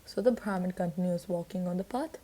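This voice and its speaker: A woman reading a children's story aloud and patiently explaining it, pausing to clarify words, with a few fillers. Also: fairly low pitch, mellow. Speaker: storyteller and teacher.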